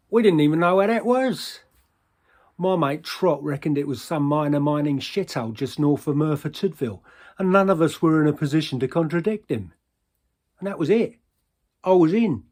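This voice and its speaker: Aging ex-henchman, husky, rambling barroom storyteller for an audio drama, played by a man. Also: medium pitch, a little mellow, natural voice. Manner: rambling, colloquial, winking asides to the listener.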